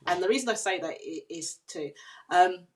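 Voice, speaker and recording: Lower-voiced woman explaining steadily. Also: expressive. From United Kingdom. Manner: earnest, explanatory, measured. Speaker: guest, leadership consultant. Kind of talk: podcast interview.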